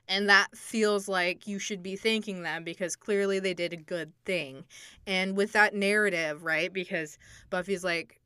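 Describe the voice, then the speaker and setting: Young woman podcast co-host, bright and crisp, thoughtful, chatty, close and dry. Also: mid-range voice, steady tone, measured pace, no room sound. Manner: thoughtful, chatty, heavy use of "like". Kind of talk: casual chat analyzing a TV episode.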